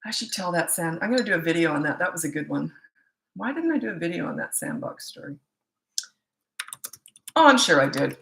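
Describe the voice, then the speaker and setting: Woman parenting coach, casual live Q&A, bright tone, animated storyteller, echoey room. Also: lowish voice, brisk, vocal fry, pauses often. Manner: animated storyteller, laughs often.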